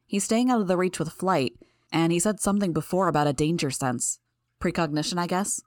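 A woman voicing a sharp, knowing young woman who speaks brisk and matter-of-fact. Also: lowish voice, no room sound, clean studio sound, close to an everyday voice.

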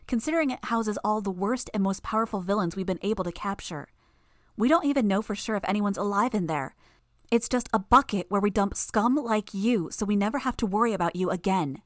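A woman's voice: mid-range voice, no room sound, clean studio sound, close to an everyday voice. A woman voicing a furious young superheroine who threatens and swears at her foes. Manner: shouting, menacing, profane.

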